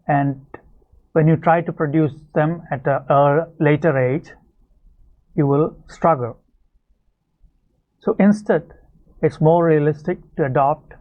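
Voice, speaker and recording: A man teaching an English video lesson, explaining clearly and speaking straight to his viewers. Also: on the high side. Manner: explanatory, addresses viewers directly. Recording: tinny phone-like sound.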